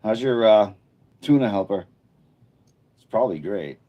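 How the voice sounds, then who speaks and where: A man hosting a casual live stream from an indoor room lit by a bright studio light, chatting and thinking aloud as he reads viewer comments. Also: on the low side, animated, measured pace, dull audio. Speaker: livestreamer.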